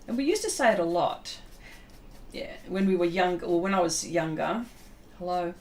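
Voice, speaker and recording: A woman's voice: on the low side, measured pace, pauses often, a little mellow, slight background noise. A middle-aged woman with an Australian accent, chatting casually to her live viewers while she draws, rambling and laughing often. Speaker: pastel artist streaming live. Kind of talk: casual livestream chat while drawing.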